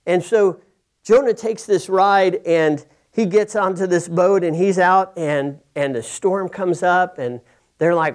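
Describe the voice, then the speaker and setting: A man's voice: sits high, unhurried. A man preaching a sermon, retelling a scripture story casually with frequent restarts and acted-out lines. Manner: conversational storytelling with many restarts, acting out characters' lines.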